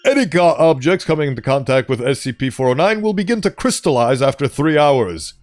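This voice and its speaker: A man's voice: medium pitch, expressive, fairly quick, darkish tone. A man streaming a casual reading of horror articles, breaking off into playful, joking asides. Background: faint background music.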